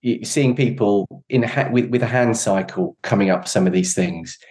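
A man's voice: fairly low pitch, normal speed, a little mellow. A man guesting on a podcast, talking in an earnest, reflective way and often searching for his words. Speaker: podcast guest, endurance cyclist. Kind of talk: casual conversation.

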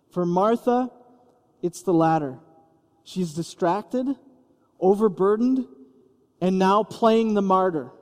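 A pastor preaches with a lively storyteller's touch, bringing the scene to life. The man's voice sits high, and long reverb from the church trails every line. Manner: storytelling, acting out scripture scenes with vivid voices. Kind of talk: sermon.

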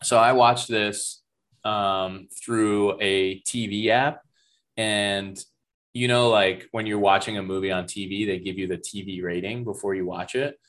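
A man's voice: fairly low pitch, steady tone, a little slow, fairly bright tone. A man co-hosting a casual movie review chat, thoughtful and asking his partner questions. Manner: thoughtful, asks questions, laughs easily. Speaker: podcast co-host.

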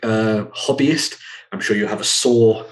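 A man's voice: fairly low pitch, fairly even intonation, a little slow, a little hiss or hum, low-quality recording. A man hosting a casual chat, rambling with lots of ums and uhs as he runs through news. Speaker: host.

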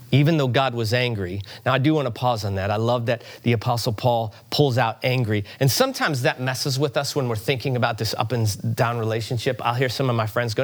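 A middle-aged man preaching a sermon to a congregation in a church, conversational and animated, with asides and rising emphasis. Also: mid-range voice, brisk, hardly any pauses. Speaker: pastor.

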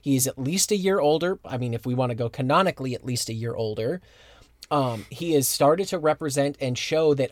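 Podcast dude making his case, kinda higher voice, dry mic. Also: animated, normal speed, no room sound. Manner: earnest, argues his point at length. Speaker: podcast co-host. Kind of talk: casual podcast chat.

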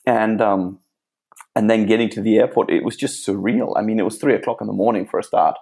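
Gravelly low-voiced man, rambling. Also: fairly even intonation, fairly quick, a little mellow. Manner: laughing, rambling, many restarts. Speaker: guest athlete. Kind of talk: casual interview chat.

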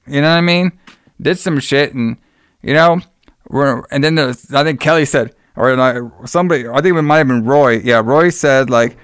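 A young man chats casually on a podcast, recapping a film scene by scene and slipping into the characters' voices as he goes. His voice sounds smooth and clear. The room sounds dry and close. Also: fairly high pitch, moderate pace, no echo. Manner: animated storytelling, acts out characters' lines. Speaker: podcast co-host recapping a movie. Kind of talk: casual chat.

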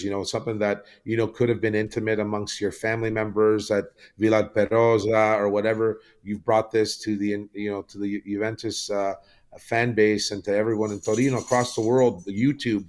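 Rambling low-voiced man telling a story. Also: level tone, a little fast, darkish tone. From Canada. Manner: rambling storytelling with many fillers. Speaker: podcast guest. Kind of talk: casual podcast chat.

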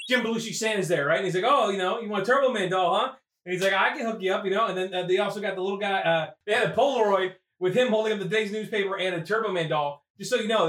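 A man recapping a movie with crude jokes and sudden shouted character voices. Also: sits high, slight background noise. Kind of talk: rambling comedic movie recap. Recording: echoey room, far from mic.

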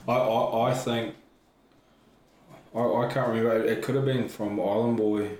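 A man speaking in casual chat, halting and repeating words as he thinks. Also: mid-range voice, steady tone, a little mellow. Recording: echoey room with faint background noise.

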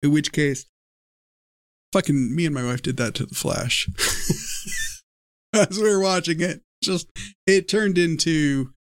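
A man co-hosting a podcast in casual chat, telling animated stories with frequent laughs and swearing. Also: on the high side, takes it slowly, pauses often, no room sound. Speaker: podcast co-host.

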